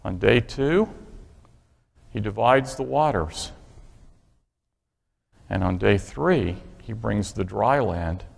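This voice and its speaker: A man's voice: fairly low pitch, animated, takes it slowly, creaky, long pauses, big-room sound. A man preaching a sermon, driving his points home with pointed rhetorical questions. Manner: emphatic, asks the congregation rhetorical questions.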